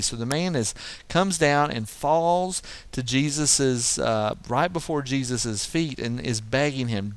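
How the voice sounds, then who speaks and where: Smooth-voiced man teaching scripture. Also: medium pitch, slow pace. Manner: explanatory, thinking aloud with frequent restarts. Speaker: Bible teacher. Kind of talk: verse-by-verse Bible teaching.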